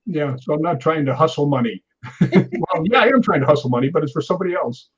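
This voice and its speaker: A stuntman in his sixties, a guest in a storytelling interview, talks fast in a slightly high, animated, slightly rough voice, laughing often and acting out quotes. The audio sounds dull.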